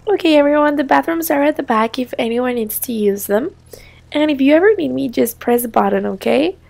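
A woman's voice: high-pitched, expressive, a little fast, gravelly, darkish tone. A woman voicing a polite, helpful flight attendant in a toy-play story, with a courteous, service-like manner.

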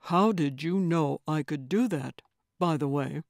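A woman's voice: measured pace, darkish tone, no room sound, studio quality. A woman doing a curt, guarded man in hiding. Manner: curt, wary, low-key.

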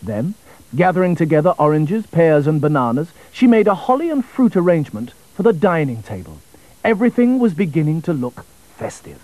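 A man narrating a children's storybook in an expressive, melodic way. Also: a little high, brisk, dry recording, low-quality recording.

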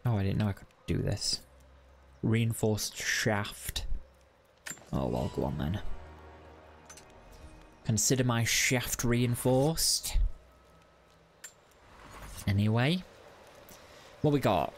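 A man's voice: fairly low pitch, sing-song, takes it slowly, gravelly, long pauses, slight background noise. A man giving casual, wry let's-play commentary and chatting to the game. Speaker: gaming video host.

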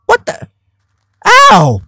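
Excitable joking male gamer. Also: extremely high pitch, drawn-out words, no room sound. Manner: excitable, joking, loud outbursts. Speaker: gamer, channel host. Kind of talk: let's play commentary.

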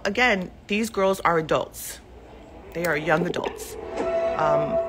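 A woman with a deep, sharp voice and vocal fry, in her forties, is a mother speaking out on social media. Streaming live and unscripted from a living room cluttered with clothes, she speaks emotionally for a long time, rambling with many fillers and restarts.

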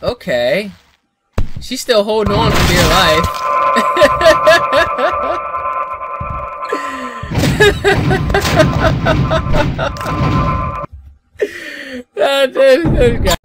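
A young man giving excited let's-play commentary, yelping, shouting, laughing and swearing as he plays. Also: high-pitched, slow, over loud music. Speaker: gaming YouTuber.

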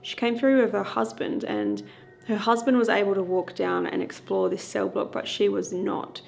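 Female ghost-hunting host; strongly gravelly, mid-pitched, easygoing and conversational. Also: expressive, moderate pace, a little hiss or hum. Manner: loose and chatty, with fillers. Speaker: paranormal investigator host. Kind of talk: casual vlog chat to viewers.

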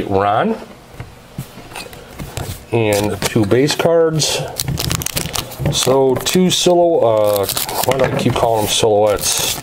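Slow, methodical man opening card packs. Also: medium pitch, background noise. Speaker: card break host.

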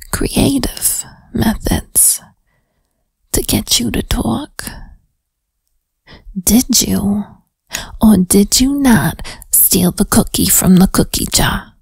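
A woman voicing a flirty, menacing female detective in whispered role-play, with a hoarse sick voice and a New York–New Jersey-ish accent. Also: medium pitch, slow pace, long pauses, darkish tone, no room sound, exaggerated voice. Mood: coaxing. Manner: coaxing, teasing threats.

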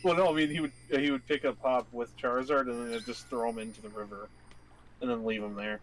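A man's voice: medium pitch, steady tone, brisk, slight background noise, rough recording. A man giving casual gaming commentary with dry, joking banter as a let's play co-host.

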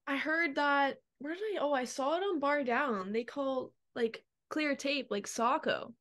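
A woman's voice: high-pitched, a little slow, fairly bright tone. A young woman with a Canadian accent, a podcast guest chatting casually and laughing often as she acts out quoted voices. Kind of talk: casual chat.

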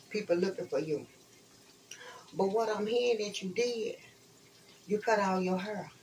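A woman talks straight at her viewers in a loose, rambling, profane way, voice sitting at an ordinary middle pitch. She's in her home kitchen mid-cook, with a soft sizzle of frying in the background. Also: slight background noise, rough recording. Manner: profane, blunt, chatty, addresses viewers as y'all. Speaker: online spiritual reader. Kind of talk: casual rambling talk to viewers.

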